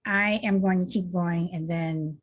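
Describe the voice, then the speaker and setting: A woman's voice: fairly low pitch, steady tone, a little slow. A woman hosting an online discussion over a video call, patiently checking whether her caller can be heard.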